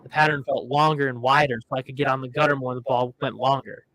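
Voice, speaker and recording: A man co-hosting a casual bowling podcast, joking and sarcastic, with halting restarts. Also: medium pitch, fairly even intonation, pushed and bright, no room sound, poor audio. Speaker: podcast co-host.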